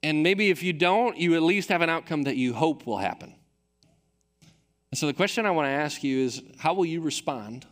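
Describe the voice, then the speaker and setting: Preaching in a large church auditorium, a pastor from Michigan speaks at a moderate pace in a slightly high, somewhat bright, animated voice. His sermon story pokes fun at himself, and the hall's long reverb carries through the recording.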